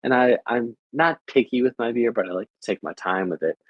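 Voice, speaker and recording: A man's voice: mid-range voice, a little fast, slightly rough, no echo, muffled recording. A young adult American man chatting casually with viewers, rambling and repeating filler phrases. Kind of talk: casual chat.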